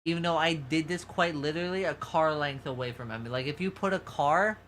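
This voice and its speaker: A man with a soft, feminine-sounding voice and a slight New York accent, chatting loosely to a livestream audience. His tone is bright and forward, and he swears freely as his stories wander. A faint hum of noise sits under the voice. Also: a little high, fairly quick. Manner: rambling, profane storytelling to chat. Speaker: VTuber streamer. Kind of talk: casual livestream chat.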